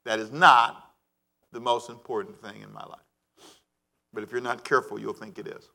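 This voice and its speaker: A male pastor preaching a sermon, animated and calling on the congregation to answer back. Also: mid-range voice, moderate pace, creaky.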